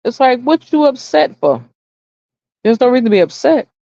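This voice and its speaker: Hosting a laid-back livestream chat, a middle-aged woman spins stories with blunt opinions, plenty of swearing, and repeated points for emphasis. She speaks at a normal pace in a high, sing-song, creaky voice with a warm tone. The audio is lo-fi with no room echo.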